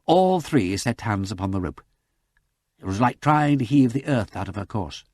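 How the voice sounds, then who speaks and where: Man narrating an audiobook, animated delivery, dry close sound. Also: lowish voice, normal speed, no room sound. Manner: dramatic, lively reading. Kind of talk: scripted narration.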